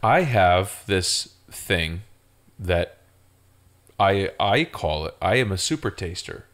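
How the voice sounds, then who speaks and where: Low-voiced man rambling through a story. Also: very animated, slow, a bit bright. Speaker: podcast co-host. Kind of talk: casual chat.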